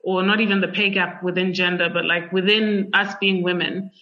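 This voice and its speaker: A young woman from Zimbabwe, a podcast guest talking casually with lots of fillers and an animated, chatty manner. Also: on the low side, moderate pace. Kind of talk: conversational interview. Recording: dull lo-fi sound.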